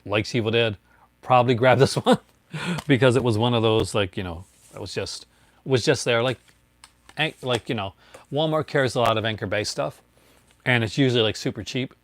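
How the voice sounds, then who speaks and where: A man's voice: mid-range voice, normal speed, no room sound. Chatty man, dry close sound. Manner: chatty, rambling, laughs often, greets viewers. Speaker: collector showing his discs. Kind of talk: casual livestream show-and-tell.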